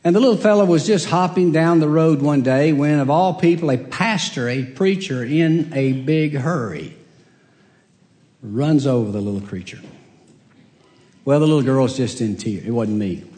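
A man's voice: a little high, moderate pace, a little mellow. An older man, a pastor telling homespun jokes and family stories in a sermon. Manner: homespun joke-telling, chuckles at own punchlines. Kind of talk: sermon with folksy storytelling. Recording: long reverb of a church hall.

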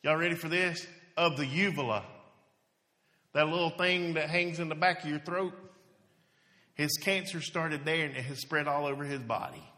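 A bright, forceful male preacher, his voice carrying through a church hall that rings with long reverb. He speaks in a storytelling style, lively one moment and hushed the next, and sits a touch high for a man. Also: moderate pace. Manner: storytelling, animated, drops to near-whisper at emotional points. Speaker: hospice chaplain preaching. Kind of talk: sermon.

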